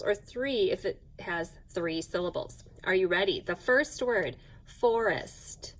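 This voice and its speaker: A woman teacher giving a recorded phonics lesson to young children, sounding words out slowly and clearly. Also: medium pitch, low-quality recording. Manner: slow, clear, patient classroom delivery, sounding words out.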